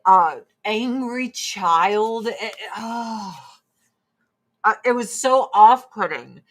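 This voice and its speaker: Slow-talking woman in casual stream chat. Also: fairly bright tone. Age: 40s. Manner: chatty and profane, answering chat between product pitches. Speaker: livestream host and Avon seller.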